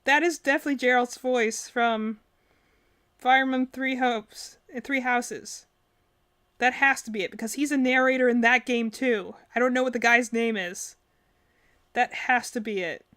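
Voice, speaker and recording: A woman's voice: a little high, steady tone, moderate pace, fairly bright tone. A woman streaming as she reacts to game trailers, talking casually and rambling, with lots of fillers and self-corrections. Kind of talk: casual live-stream commentary.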